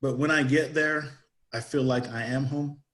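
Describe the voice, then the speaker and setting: A man raised in England, chatting and then reading his own poem aloud in a measured, deliberate way. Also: mid-range voice, steady tone, a bit bright. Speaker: poet. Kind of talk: casual chat and poetry reading. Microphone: video call.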